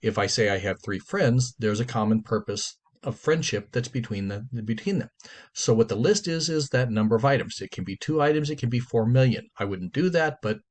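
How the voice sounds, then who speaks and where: A male teacher explains a writing rule to his class in an easy, conversational lecture. He leans hard on the points he cares about and comes back to them more than once. His voice sits at an ordinary pitch for a man. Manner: emphatic, conversational, stresses key points and repeats them.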